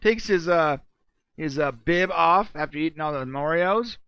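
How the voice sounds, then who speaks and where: A co-host from California, with a fairly high, slightly bright and smooth voice at a moderate pace, jokes through a casual comedic chat. He narrates game matchups as loose stories, laughing at himself, and the sound has no echo.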